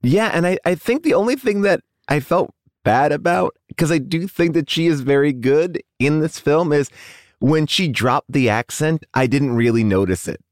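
A man's voice: a little high, lively intonation, moderate pace, no room sound, studio quality. A man co-hosting a casual film review chat in a jokey, playful way. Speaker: podcast co-host.

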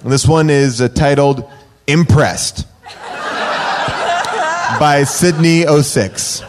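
A man's voice: fairly high pitch, slow pace, noisy background. A man co-hosting a comedy podcast, reading reviews aloud with sarcasm and frequent laughter. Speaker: podcast co-host.

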